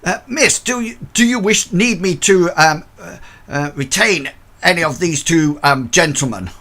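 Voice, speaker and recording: A man voicing a gruff, flustered male porter in his late fifties. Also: on the high side, a little slow, sharp tone, voice pushed up.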